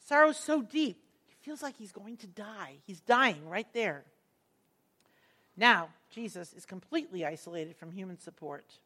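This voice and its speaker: A woman teaching a Bible passage, earnest and emphatic, slowing down to stress key words as she explains the verses. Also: mid-range voice, animated, pushed and bright.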